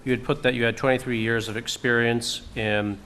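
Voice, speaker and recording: A man at an ordinary pitch questions an applicant at a council meeting, pausing often on filler words. Faint noise hums behind him. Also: flat delivery, fairly bright tone. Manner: hesitant, many filler words. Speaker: city councillor. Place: city council chamber.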